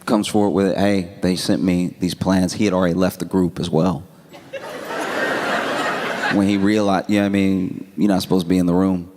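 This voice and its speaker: A man doing stand-up, telling a story in a calm, wry, laid-back way. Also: deep voice, a little fast, pauses often, heavy background noise. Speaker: stand-up comedian.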